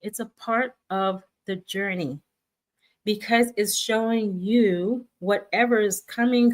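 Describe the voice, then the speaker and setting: A middle-aged woman hosting a casual spiritual guidance talk, speaking reassuringly to her viewers and acting out the voices in their heads. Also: mid-range voice. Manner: warm, reassuring, acts out viewers' inner voices.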